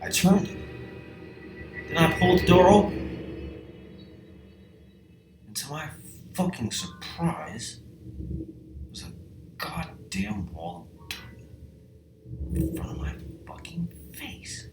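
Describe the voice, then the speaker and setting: A man telling a comedic horror tale, profane and exasperated, dropping to hushed whispers and then bursting into shouts. His delivery is slow with a lively, swooping pitch. The recording is roomy and a bit distant, with music underneath. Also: background noise. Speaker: storyteller. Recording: echoey room, distant mic, music behind.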